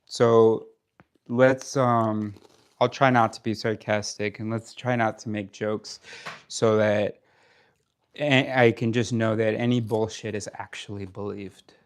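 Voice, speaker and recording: A man argues casually with his partner, pressing his points in a sarcastic, challenging way. He speaks slowly in a lowish, smooth, level voice.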